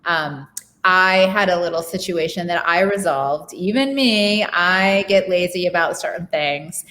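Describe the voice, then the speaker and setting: A woman's voice: on the low side, fairly bright tone. A woman hosting a podcast, chatting with her guest over a video call. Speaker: podcast host. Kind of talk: casual interview chat.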